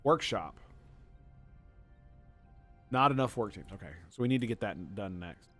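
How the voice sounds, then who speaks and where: A man giving let's play commentary as a gaming streamer, excitable and profane, gushing over every detail. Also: fairly low pitch, measured pace, soft background music.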